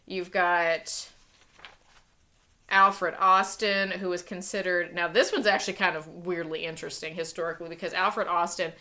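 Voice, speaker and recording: A woman's voice: on the low side, steady tone, moderate pace, pushed and bright. A woman librarian chatting casually about a book, amused, with plenty of fillers and restarts.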